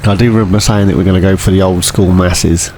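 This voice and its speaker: A man giving casual, rambling commentary over a farming game, often clearing his throat. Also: low voice, steady tone, fast talker, darkish tone, slight background noise. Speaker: gameplay commentator.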